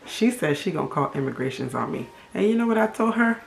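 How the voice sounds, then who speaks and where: A woman's voice: lowish voice, quick pace, gravelly, slight background noise. Woman from haiti doing a storytime vlog, emphatic and fired up, echoey room sound. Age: middle-aged. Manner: animated, emphatic, indignant storytelling. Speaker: vlogger. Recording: roomy echo.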